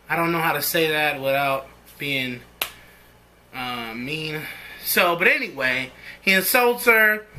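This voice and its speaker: A man's voice: high voice, sharp tone. A young man giving a casual, rambling spoken review of a TV episode in a slangy, conversational way.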